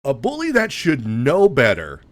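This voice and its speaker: A grown man hosting a podcast, ranting with animated exasperation. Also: medium pitch, measured pace, no echo. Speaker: podcast host. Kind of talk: casual rant.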